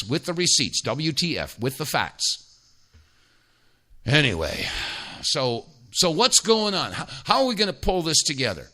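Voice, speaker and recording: A man's voice: fairly high pitch, pushed and bright. A man hosting a talk radio show, emphatic and sarcastic, rambling with many restarts.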